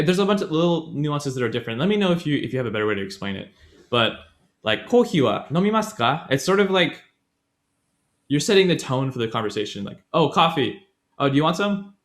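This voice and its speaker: In a casual podcast, a male co-host walks through a language grammar lesson in a chatty way, regularly fixing what he says mid-sentence. His voice is mid-range and a bit bright.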